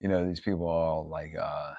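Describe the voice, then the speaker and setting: A man's voice: a bass voice, fairly even intonation, normal speed, warm tone, no room sound, lo-fi sound. A man hosting a casual livestream from his yard, rambling and swearing, laughing often. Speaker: livestream host. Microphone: phone camera.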